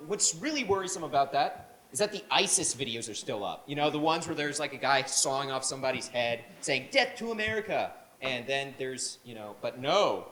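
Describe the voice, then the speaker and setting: A young man doing a stand-up set with animated storytelling and rambling asides. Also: mid-range voice. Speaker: stand-up comedian. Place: comedy showcase stage. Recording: roomy echo, faint noise.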